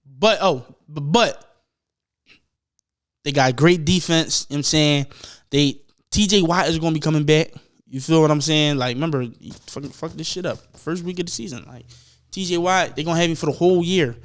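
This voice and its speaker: Young male podcast host, high smooth voice, loose profane rambling sports talk. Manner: profane, rambling, mimics people in quick asides. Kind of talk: casual sports rant.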